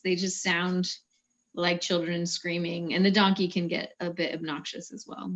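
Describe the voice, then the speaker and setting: Woman, low voice, chatty storyteller, lo-fi call audio. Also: level tone, normal speed. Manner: chatty, storytelling with quoted asides. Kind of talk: casual video-call chat. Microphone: phone or video call.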